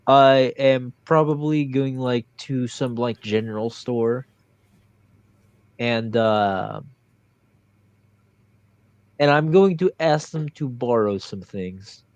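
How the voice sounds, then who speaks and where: A man's voice: mid-range voice, slow, pauses often, no room sound, dull audio. Hesitant man playing a tabletop game. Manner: hesitant, thinking aloud with restarts. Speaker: player.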